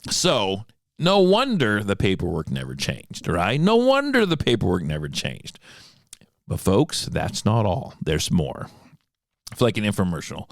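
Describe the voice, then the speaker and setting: A man's voice: fairly low pitch, a little slow, vocal fry, no echo, clean studio sound. An American man hosting a podcast, telling a story in a casual, exasperated way and acting out what others said. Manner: animated, exasperated ranting with quoted dialogue. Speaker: podcast host, firearms instructor. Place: small studio room.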